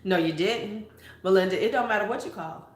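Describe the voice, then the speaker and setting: A woman's voice: mid-range voice, a little fast. A woman beauty vlogger in a casual live-stream chat, playful and talking straight to her viewers. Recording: roomy echo.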